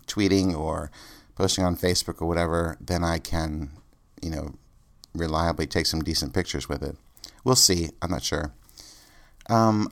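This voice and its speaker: A man talks through his own podcast on his own. He rambles and thinks aloud, filling pauses with ums and uhs. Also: low voice, a bit bright. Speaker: podcast host. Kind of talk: casual solo podcast.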